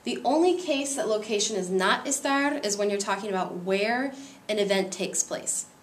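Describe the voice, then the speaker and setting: A woman's voice: mid-range voice, moderate pace, roomy sound, recorded from a distance, a little hiss or hum. Woman teaching a step-by-step grammar lesson. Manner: patient, explains step by step. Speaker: Spanish teacher.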